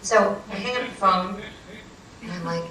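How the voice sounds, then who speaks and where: A woman author telling a story to a live audience, animated and self-mocking. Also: mid-range voice, normal speed, slight background noise. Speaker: author and speaker. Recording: roomy hall, distant mic, faint ambience.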